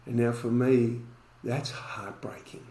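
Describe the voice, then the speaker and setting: A man's voice: mid-range voice, little pitch movement, slow, mellow, roomy sound, poor audio. A man, a podcast guest telling a story and acting out the dialogue in it.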